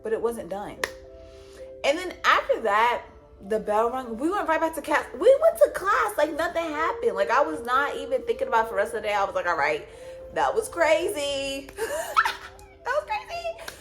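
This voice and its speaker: A woman with a high voice tells a story casually straight to the camera. She repeats her lines and acts out the dialogue as she goes. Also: fairly quick, soft background music. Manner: animated retelling with repetitions and quoted dialogue. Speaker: vlogger.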